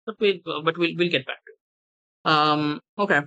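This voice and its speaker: Bright-voiced man running a horror game. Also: a little high, fairly even intonation, clean tone, dull audio. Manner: halting, many restarts and fillers while improvising. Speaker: game master. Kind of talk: narrating a tabletop horror game.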